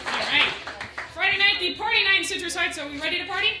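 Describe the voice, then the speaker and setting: A woman performs a stand-up set as the MC of a comedy club, bantering with the crowd in quick asides. Her voice sits high. The recording is roomy and echoey, with loud noise running underneath. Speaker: MC and stand-up comic. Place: comedy club stage with a live audience.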